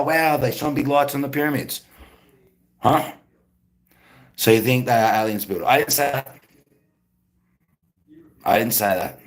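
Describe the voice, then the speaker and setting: A man's voice: mid-range voice, creaky, a bit bright. A man, rambling casually to his live-stream chat and greeting viewers by name.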